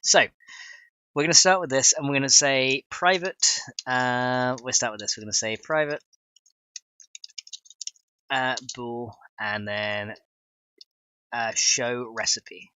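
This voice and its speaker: A man's voice: medium pitch, slow, pauses often, bright, forceful tone, smooth, no room sound. A man casually chatting on a livestream while coding, reading chat aloud and constantly cracking up with laughter. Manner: giggly, keeps breaking into laughter; reads chat messages aloud. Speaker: streamer.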